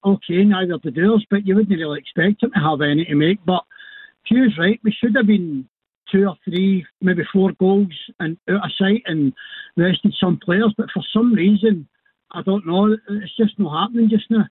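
A man calling into a radio phone-in, talking haltingly with many fillers. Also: high voice, husky, no echo. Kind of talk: casual phone-in chat. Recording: tinny phone line.

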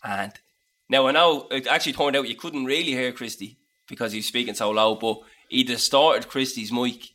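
A man's voice: medium pitch, moderate pace, pushed and bright. A man hosting a podcast, telling a prank story in casual chat, swearing and teasing. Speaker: podcast host.

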